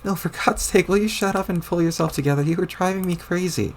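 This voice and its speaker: A man's voice: high voice, fast, pitched above the performer's own voice. A man reading a webcomic aloud, putting on the voice of a bossy, exasperated young girl who scolds and swears. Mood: scolding.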